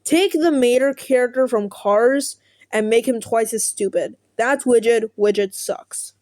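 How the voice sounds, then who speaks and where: Young woman reader; snarky, profane, stumbles on words, bit high voice, dry sound. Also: unhurried, darkish tone, no echo. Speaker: content creator. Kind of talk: reading an article aloud with commentary.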